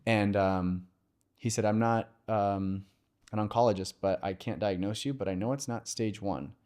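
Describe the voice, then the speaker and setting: A man speaks in a low, clear and resonant voice. He tells his story openly and conversationally, with pauses and fillers. He is a podcast guest who works as a mortgage lender. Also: a little mellow. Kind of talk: candid personal storytelling.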